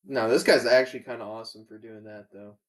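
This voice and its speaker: A man's voice: on the low side, fairly even intonation, quick pace, a bit bright. A man joining a podcast as guest co-host, chatting casually and making joking asides. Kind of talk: casual chat.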